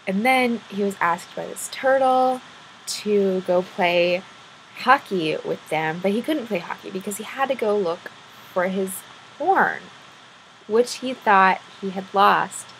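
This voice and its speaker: A woman vlogger telling a made-up story in a casual, playful way, rambling and filling gaps with "um." Her voice sits at a middle pitch. A faint noise runs underneath. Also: measured pace, a bit bright, rough recording.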